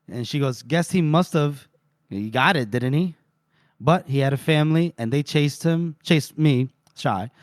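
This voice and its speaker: A man's voice: medium pitch, darkish tone, no echo, clean studio sound. Laughing man recapping a novel. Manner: retells scenes with quick put-on voices, laughs often. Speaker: podcast co-host. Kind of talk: casual book-club recap.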